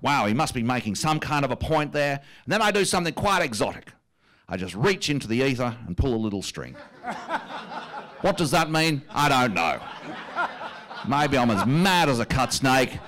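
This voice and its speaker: A man's voice: medium pitch, fairly bright tone, close to an everyday voice. A man with an Australian accent doing a stand-up impression of a pompous, self-satisfied wealthy prime minister, speaking in a smug, drawling, self-amused way on stage. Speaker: comedian.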